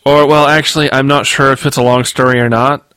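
A man's voice: mid-range voice, level tone, brisk, a bit bright, smooth, no echo, pitched above the performer's own voice, lightly acted. A man reading aloud and voicing a nervous, rambling talking male dog in a storybook. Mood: hesitant. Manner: hesitant and rambling.

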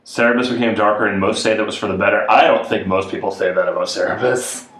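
A man co-hosting a podcast in casual chat, quick with asides and laughing easily. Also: on the low side, fairly even intonation, a bit bright. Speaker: podcast co-host. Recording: echoey room.

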